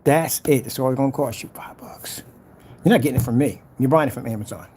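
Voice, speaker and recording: A man's voice: mid-range voice, a little fast, darkish tone, breathy edge. A man narrating as he designs his product's ad, boasting about it and muttering to himself. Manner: boastful, hypes his product, trash talks rivals; mutters and whispers to himself while working. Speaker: small business owner making a product ad. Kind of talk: casual talk-along screen recording.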